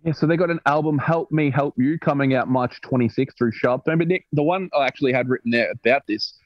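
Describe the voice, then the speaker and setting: A man's voice: mid-range voice, fast, dry recording, muffled recording. A young Australian man co-hosting a casual music podcast, chatty and teasing, running through band release news. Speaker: podcast co-host.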